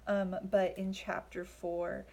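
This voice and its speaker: A woman's voice: medium pitch, flat delivery, takes it slowly, gravelly, warm tone. A young woman giving a casual Bible study talk, chatty and full of fillers, acting out the lines she quotes. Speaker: Bible teacher.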